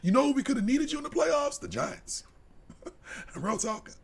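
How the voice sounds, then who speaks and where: Man ranting hard, wildly swinging pitch. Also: big pitch swings, normal speed, vocal fry, breathy edge. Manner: heated, swings from low mutter to shouting. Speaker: podcast co-host. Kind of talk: profane sports rant.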